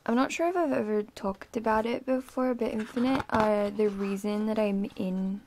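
Young woman, home unboxing vlog, gushing and whispery, some vocal fry, faint background noise. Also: a little high, moderate pace, darkish tone. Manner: gushing, rambling, often whispering in awe. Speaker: vlogger unboxing an album. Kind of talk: excited unboxing chatter.

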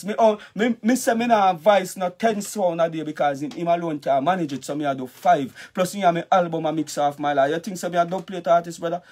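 A man with a strong Jamaican accent and a high-pitched voice rants in a heated, cursing monologue. He keeps turning back to the listener with repeated asides as he vents. He speaks as a dancehall artist addressing his audience directly. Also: a little mellow. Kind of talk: heated vlog rant.

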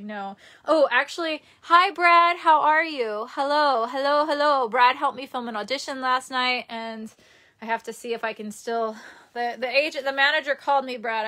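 Young New woman, chatty and giggly, livestreaming from her bedroom, pitch a touch high. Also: a bit bright. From Queens, New York. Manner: chatty, giggly, talks to viewers. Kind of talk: casual livestream chat.

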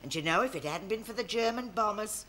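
An actress playing a fussing mum. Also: female voice, mid-range voice, animated, fast talker, very noisy, natural voice. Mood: soothing. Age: older. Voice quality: fussing, shushing. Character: fussy older mother, doting on her son. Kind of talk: 1970s studio sitcom acting.

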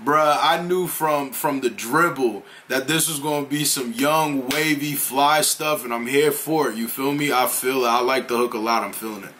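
A man's voice: mid-range voice, bright, forceful tone, a little hiss or hum. Hyped slangy man reacting to music. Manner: slangy, hyped, interjects with quick affirmations. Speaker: music reaction channel host. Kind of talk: casual reaction commentary.

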